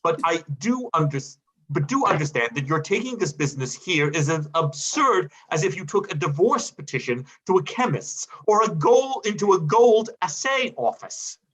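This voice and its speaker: A man's voice: on the high side, sing-song, normal speed, a bit bright, husky, heavily acted, low-quality recording. A man voicing a flustered, pompous bank chairman in a stage play reading, stammering over his words.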